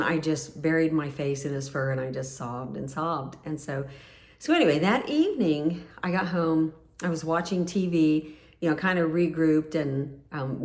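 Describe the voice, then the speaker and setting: A middle-aged woman with a low voice tells a personal story. She is close to tears. Her talk wanders, full of restarts and fillers. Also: a little mellow. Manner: rambling, with many restarts and fillers.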